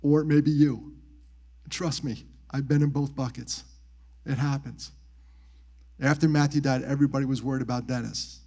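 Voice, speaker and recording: A man giving a live talk as a motivational speaker, telling personal stories with animated, acted-out quotes and quiet, softened moments. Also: normal speed, pauses often. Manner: animated, acts out quoted voices with big pitch jumps; drops to soft, quiet tones on grief. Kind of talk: live storytelling talk on suicide prevention. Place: military base venue.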